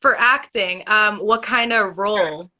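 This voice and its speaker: A woman's voice: medium pitch, measured pace, pushed and bright, dull audio. A woman hosting a casual livestream interview, chatty and upbeat. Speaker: interview host.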